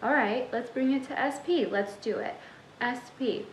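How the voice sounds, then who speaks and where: Young woman coach talking straight at you, sassy tough love, a bit high, roomy echo. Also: normal speed, slight background noise. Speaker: manifestation coach. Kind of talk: motivational talk to camera.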